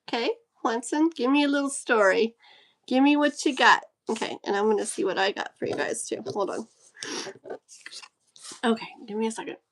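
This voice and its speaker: Woman live-stream host, casual card-reading chat, giggly and effusive, higher pitch. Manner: giggly, gushing and easily excited.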